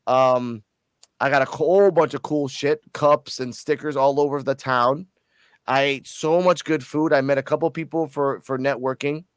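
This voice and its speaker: A man from Puerto Rico telling a story in a casual, animated vlog, cursing freely and sounding a little tipsy. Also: medium pitch, normal speed, smooth, no room sound. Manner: profane, animated, excited storytelling. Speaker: channel host.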